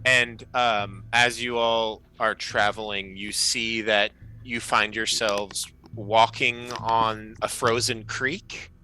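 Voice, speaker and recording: A man narrating a tabletop game as game master, with relaxed, lively storytelling. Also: fairly low pitch, slow pace, few pauses, clear, resonant tone, poor audio.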